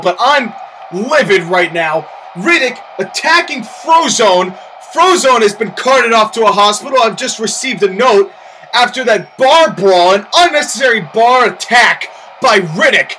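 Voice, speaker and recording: A man giving excitable play-by-play commentary on a wrestling match, breaking into loud, shouting rants and incredulous outbursts. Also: very high voice, slight background noise, poor audio.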